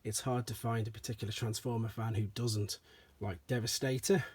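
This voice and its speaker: A man doing a casual show-and-tell review of collectible toys, chatty and relaxed, often repeating stock phrases like "as I say". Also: lowish voice, a little fast, breathy edge.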